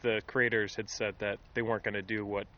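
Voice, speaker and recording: A man's voice: fairly low pitch, flat delivery, a little fast, crowd noise. A man co-hosting a podcast, asking curious questions and tossing in jokey pop-culture asides. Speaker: podcast co-host. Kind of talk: casual chat. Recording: slightly dull lo-fi podcast audio.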